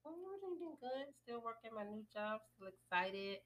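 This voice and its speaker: A woman co-hosting a casual podcast, teasing her co-host with deadpan jokes and laughing often. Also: fairly high pitch, a little fast.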